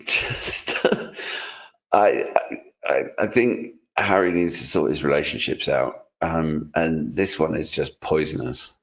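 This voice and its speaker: A man's voice: very deep voice, takes it slowly, fairly bright tone. A man co-hosting a livestream news roundup, exasperated and sarcastic, stumbling over restarts as he talks. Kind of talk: casual sarcastic banter.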